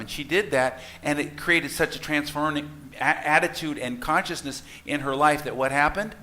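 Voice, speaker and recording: A man's voice: on the high side, normal speed, pushed and bright. A middle-aged man, a minister, delivering a folksy, storytelling sermon to his congregation in a church, with asides to the listeners. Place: church sanctuary.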